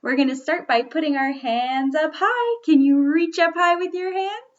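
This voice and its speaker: A young woman, a children's librarian reading a bedtime story aloud, gently and playfully coaxing little listeners to join in. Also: high voice, normal speed, lo-fi sound. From Canada.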